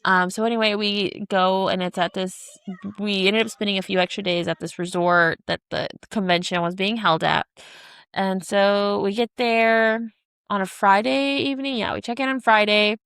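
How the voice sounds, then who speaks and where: A woman's voice: medium pitch, fairly even intonation, normal speed, a bit bright, smooth, dry recording, clean studio sound. A woman in her thirties co-hosting a podcast, telling a long story in casual chat, rambling with lots of "like" and restarts. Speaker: podcast co-host.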